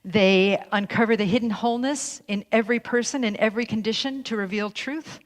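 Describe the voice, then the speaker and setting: A woman's voice: on the high side, fairly quick, few pauses. Woman minister in a reverberant church hall. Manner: earnest, reads from a script with small restarts. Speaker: minister leading a church service. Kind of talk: ceremonial address to a congregation. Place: church sanctuary.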